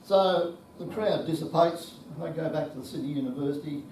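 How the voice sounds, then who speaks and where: A man in his seventies with an Australian accent tells anecdotes at a conference, salting them with swearing and chuckles. His voice is a little high and a little mellow, at a normal speed, with a faint hiss or hum. The hall is echoey and the mic sits at a distance.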